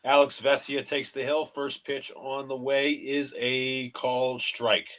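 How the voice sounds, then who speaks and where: A man hosting a live fan stream, calling each pitch of a baseball game in short clipped phrases. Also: little pitch movement, measured pace, fairly bright tone. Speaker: play-by-play host of a fan stream. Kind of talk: live fan play-by-play commentary.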